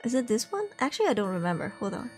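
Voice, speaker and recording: A woman with a slightly high voice talks fast, her pitch swinging widely, as she hosts a livestream. She chats in a bubbly, giggly, slang-filled way while getting ready to read horror stories, with horror background music playing beneath her.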